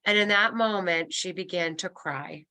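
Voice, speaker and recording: A middle-aged woman leads a webinar about planning life changes, speaking as a senior move manager. Her voice is bright and clear, and she talks in an encouraging, reassuring way. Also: lowish voice, normal speed. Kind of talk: webinar presentation.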